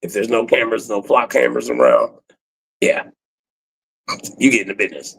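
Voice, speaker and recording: A man in his forties doing a profane comedic rant on a livestream, breaking into cackles and swinging from loud outbursts to low mutters. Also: moderate pace, creaky, husky, low-quality recording. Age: 40s.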